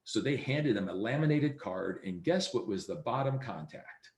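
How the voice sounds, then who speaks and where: A man's voice: lowish voice, expressive, normal speed, darkish tone. A man giving a real estate sales training over a video call, acting out dialogue in his stories. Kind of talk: training presentation. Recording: roomy echo.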